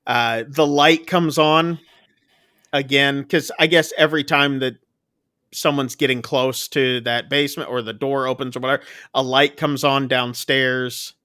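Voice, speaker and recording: A man's voice: mid-range voice, steady tone, unhurried, bright, forceful tone. A man co-hosting a casual movie review, retelling the plot loosely with many fillers. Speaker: podcast co-host.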